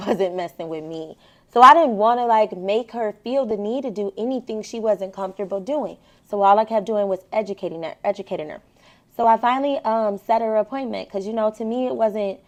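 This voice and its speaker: Chatty woman telling a story to viewers. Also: mid-range voice. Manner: chatty, animated, addresses viewers directly. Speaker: vlogger. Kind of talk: casual storytelling vlog.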